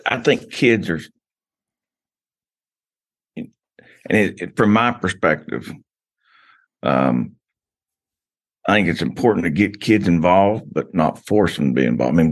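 A man's voice: sits low, animated, a little slow, pauses often. A man, a guest on a casual podcast, telling stories in a rambling way with frequent restarts.

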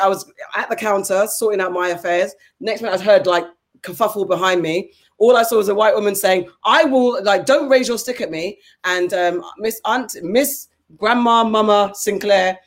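Woman host in her 40s, blunt and profane, casual podcast storyteller. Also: medium pitch. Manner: blunt, swearing, animated storytelling. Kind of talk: casual chat.

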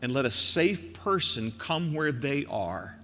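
An older man, a pastor from the American Midwest, preaching an earnest sermon that slows and softens for emphasis. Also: medium pitch, big pitch swings, big-room sound, a little hiss or hum.

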